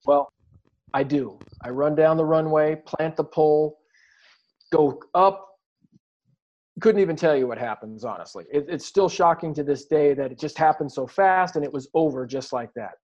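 A man's voice: on the high side, expressive, normal speed, a little mellow. A man telling his story in an interview, earnest and reflective, often restarting his sentences. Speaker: guest athlete. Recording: dull lo-fi recording.

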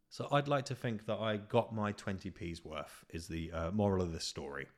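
This British podcast host has a lowish voice and speaks at an ordinary pace. Into his podcast mic he delivers a comic rant, exasperated, profane, and self-deprecating.

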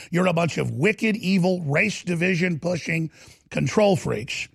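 Between ad reads, a middle-aged talk radio host rants with fervent combativeness, hammering his points home through repetition. His voice is high, creaky and slightly rough, captured in a dry, studio-quality recording.

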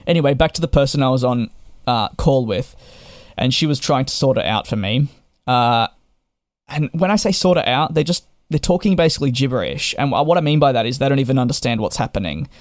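A man's voice: mid-range voice, animated, fairly quick, dry recording, clean studio sound. A young man tells a frustrated storytime rant to camera. He sounds exasperated and sarcastic. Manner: exasperated and sarcastic, with repeated restarts. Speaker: travel vlogger.

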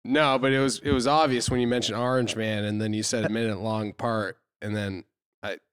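A man co-hosting a podcast talks in a quick, playful way, teasing his guest and then backing down. His voice is smooth and clear, and it sounds dry and close with no room around it. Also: lowish voice, steady tone, a bit bright, dry recording. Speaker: podcast host. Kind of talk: casual chat. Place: podcast studio.

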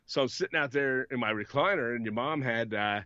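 A man's voice: medium pitch, fairly quick, bright, forceful tone, clear, resonant tone, dry recording, lo-fi sound. A man co-hosting a casual podcast, rambling and telling stories. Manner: rambling storyteller, laughs often. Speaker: podcast co-host.

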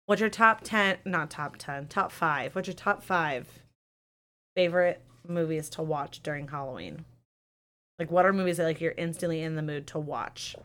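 A woman's voice: deep voice, moderate pace, fairly bright tone. A young adult woman hosting a live-streamed podcast in casual chat, telling stories candidly with strong emotion and swearing. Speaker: podcast host. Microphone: webcam or desk mic on a live stream.

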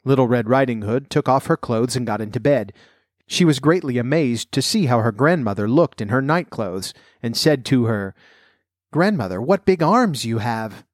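Measured male fairy tale reader. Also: mid-range voice, no room sound, clean studio sound. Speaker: narrator.

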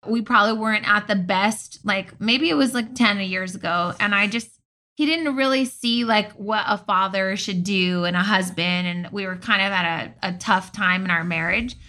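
A woman's voice: medium pitch, moderate pace. A middle-aged woman, a mother, telling a family story in casual talk and acting out what people said. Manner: animated storyteller, acts out quotes. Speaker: mother and podcast co-host.

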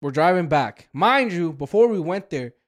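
A young man telling a story on a casual podcast, animated and profane, often laughing. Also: on the high side, moderate pace. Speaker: podcast co-host.

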